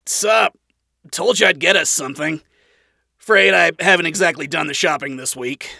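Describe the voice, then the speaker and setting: A man's voice: a little high, normal speed, vocal fry, sharp tone, no room sound, studio quality, pitched above the performer's own voice, heavily acted. A man voicing a weary, sardonic male hunter centuries old, with a teasing, sarcastic way of talking.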